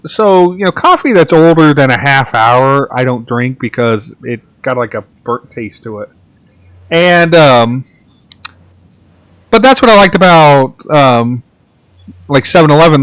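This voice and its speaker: A man telling rambling casual stories in a relaxed chat, full of restarts and fillers. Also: medium pitch, smooth, no echo. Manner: rambling storyteller, many restarts and "like"s. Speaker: podcast host.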